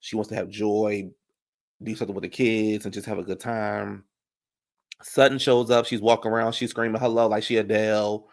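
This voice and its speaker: A man giving a sassy, animated casual recap of a reality TV episode, laughing often. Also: lowish voice, normal speed, creaky. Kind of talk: casual reaction commentary.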